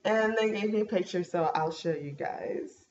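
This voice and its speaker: A woman's voice: mid-range voice, moderate pace. Chatty young woman on a laptop mic. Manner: chatty, animated storytelling with many fillers. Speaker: vlogger. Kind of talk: casual pregnancy update vlog. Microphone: laptop webcam mic. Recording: dull laptop mic with faint hiss.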